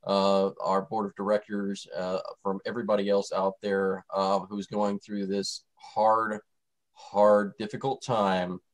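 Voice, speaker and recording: Low-voiced, rambling male show host. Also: level tone, unhurried, poor audio. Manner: rambling, loose, lots of fillers. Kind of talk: casual radio show chat.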